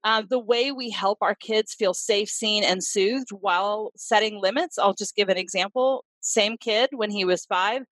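A woman's voice: medium pitch, measured pace, hardly any pauses, a bit bright, dry recording, poor audio. A middle-aged woman, a clinician and parenting expert, talks earnestly in a podcast interview and acts out examples as she explains.

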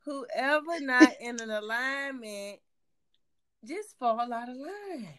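A woman from Virginia co-hosting a podcast in casual chat, animated and emphatic, laughing often. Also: sits high, slow pace, a little hiss or hum. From Hampton, Virginia. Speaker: podcast co-host.

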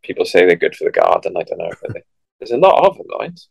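A man's voice: low voice, big pitch swings, fast, gravelly, darkish tone, breathy edge, no room sound. A man co-hosting a podcast in casual chat, throwing in dry one-line quips. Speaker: podcast co-host.

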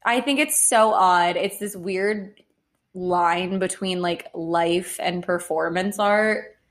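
A young woman co-hosting a podcast, chatting casually and bluntly, indignant and quick to swear. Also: on the low side. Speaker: podcast co-host. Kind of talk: casual chat.

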